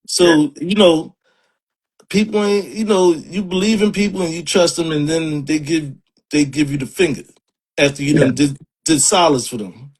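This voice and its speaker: Husky streetwise New York man. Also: on the high side, normal speed. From Harlem, New York. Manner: streetwise slang, animated, laughs often. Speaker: poet. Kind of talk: casual interview.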